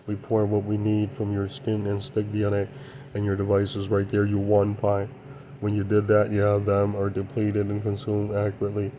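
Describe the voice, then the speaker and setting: A man's voice: on the low side, completely flat delivery, normal speed, dark tone, slight background noise. A man hosting his own channel, talking in a rambling monologue and often repeating short affirmations. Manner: rambling, repeats "yeah, that's true". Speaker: channel host.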